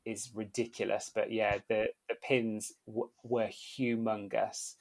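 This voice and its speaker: A man's voice: lowish voice, level tone, takes it slowly, vocal fry. A man telling a story in a casual chat, acting out the voices of the people he quotes. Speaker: podcast guest, former theme park worker.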